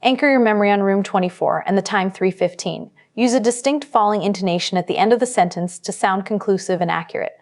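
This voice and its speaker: A woman narrating a scripted test-prep lesson as the instructor, in a measured, instructive way. She records as a studio voice-over. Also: medium pitch, darkish tone.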